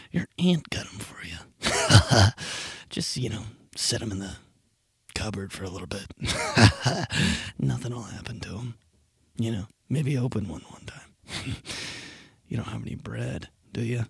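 A man voicing a sly male shoulder devil in whispered role-play, coaxing in a hushed tone. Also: on the low side, gravelly, breathy edge, dry recording, pitched below the performer's own voice, full character voice.

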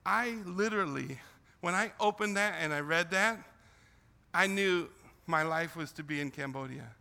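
A man's voice: on the high side, normal speed, gravelly, bright, forceful tone. An older man who grew up in the Philippines tells students about his missionary calling, speaking emotionally and often repeating and restarting his phrases. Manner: emotional, repetitive storytelling with restarts. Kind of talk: testimony talk to students. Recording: long hall reverb.

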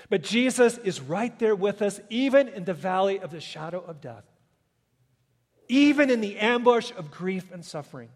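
A man preaching a sermon as a pastor, swinging between loud emphatic peaks and hushed, quiet passages. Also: high voice, long reverb tail. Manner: dynamic preaching, swelling loud then dropping soft.

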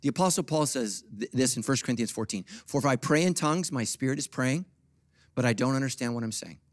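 A middle-aged man preaching a sermon as pastor, swinging from quiet, confiding asides to loud, high-pitched bursts. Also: expressive, quick pace, no echo, clean studio sound.

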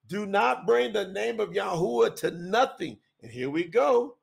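Male podcast preacher, high gravelly voice, emphatic and conversational. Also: animated, normal speed, hardly any pauses. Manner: conversational, emphatic, repeats phrases. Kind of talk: scripture teaching.

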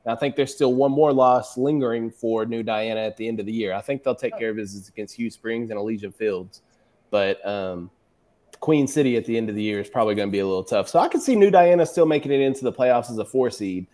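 Man, mid-pitched, confident picks, light teasing. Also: fast, warm tone. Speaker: podcast co-host. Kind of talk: casual sports chat.

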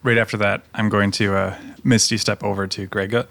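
A man with a lowish voice plays at a tabletop game. He speaks hesitantly and sometimes stammers. The sound is dry and close. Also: little pitch movement, fairly quick, a bit bright, dry recording. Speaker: player.

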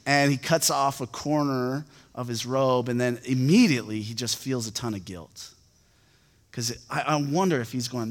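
A man's voice: mid-range voice, a bit bright. A young adult man preaching a sermon, reading scripture aloud and then retelling it in a loose, conversational way with casual asides. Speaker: pastor. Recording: long reverb from a large hall.

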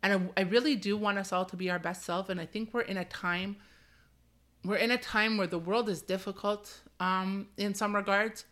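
A woman's voice: mid-range voice, steady tone, normal speed, a bit bright. A woman from Canada, probably in her thirties, hosting her own podcast in a candid, rambling way, laughing often and filling with "like". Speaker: podcast host. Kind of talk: casual solo podcast talk.

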